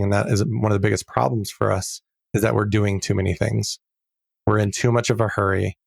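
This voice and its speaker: A middle-aged man talking as a podcast guest in a casual interview, earnest and reflective, slowing down to stress key words. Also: lowish voice, vocal fry, no echo, studio quality.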